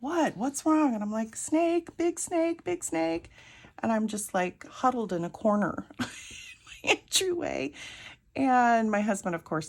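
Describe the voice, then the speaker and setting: A crafting vlogger tells a rambling, chatty story as she works, laughing often. Her voice is low with vocal fry.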